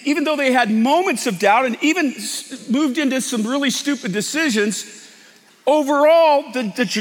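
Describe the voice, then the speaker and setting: High-voiced man preaching in a hall. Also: a bit bright. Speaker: pastor. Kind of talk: sermon.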